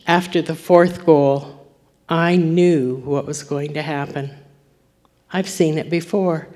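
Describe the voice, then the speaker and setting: A woman preacher telling a moving story in a sermon, swinging from forceful to near-whispered. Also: on the low side.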